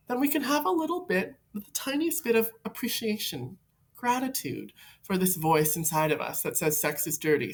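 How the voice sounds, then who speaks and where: A woman's voice: mid-range voice, big pitch swings, moderate pace. A woman hosting an advice video, talking reflectively and playfully to camera and laughing often. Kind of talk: casual advice talk to camera.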